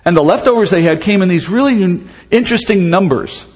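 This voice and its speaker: Animated male Bible teacher in a reverberant hall. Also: high-pitched, fairly quick. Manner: conversational, animated, acts out dialogue with humor.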